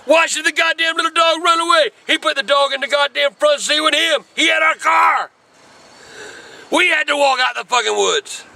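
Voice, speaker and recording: An older man, telling a profane story in a gruff voice and breaking into shouts. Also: very high voice, moderate pace. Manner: gruff, cursing, bursts into shouts. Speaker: grandfather telling stories.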